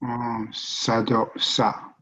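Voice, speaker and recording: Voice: mid-range voice, monotone, drawn-out words, bright, forceful tone, slightly rough. A student answering a tutor with short replies and repeating the sounds back. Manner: brief responses, repeats after the tutor.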